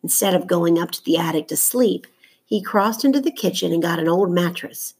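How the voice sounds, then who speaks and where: A woman narrating a children's novel aloud in a measured, steady storytelling voice. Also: on the low side, breathy edge. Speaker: audiobook narrator.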